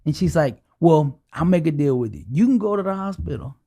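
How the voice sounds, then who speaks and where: A podcast interview guest with a fairly high, creaky voice tells a story from his own life at a brisk clip. He's animated throughout and acts out each line of dialogue.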